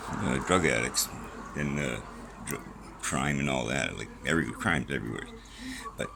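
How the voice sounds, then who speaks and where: A man's voice: extremely low pitch, vocal fry, background noise. A middle-aged man rambling casually and profanely in a vlog from a small room at home, jumping from topic to topic. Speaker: vlogger.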